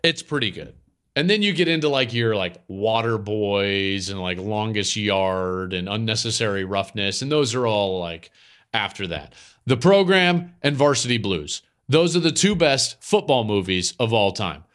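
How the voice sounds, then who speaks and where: A man's voice: fairly low pitch, moderate pace. A man in his forties hosting a podcast, talking through a mailbag question in a casual, emphatic way with lots of "like" fillers. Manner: animated, emphatic, many "like" fillers. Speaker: podcast host.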